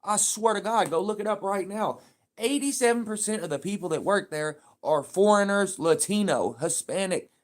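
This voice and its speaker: A man's voice: high voice, normal speed. A man live streaming, talking in a casual, heated and profane rambling rant.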